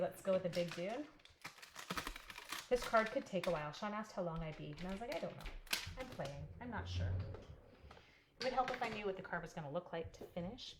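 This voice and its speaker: A woman's voice: mid-range voice, very noisy. A woman in her forties, chatty and bubbly, telling stories and laughing as she demonstrates a papercraft project. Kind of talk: casual live crafting demo.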